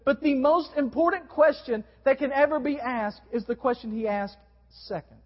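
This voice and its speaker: High-pitched guy preaching a sermon, voice rising and dropping a lot, dull muffled church recording. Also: moderate pace. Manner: preaching with wide swings in pitch and volume. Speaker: pastor. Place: church sanctuary. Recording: dull recording in a long-reverb hall.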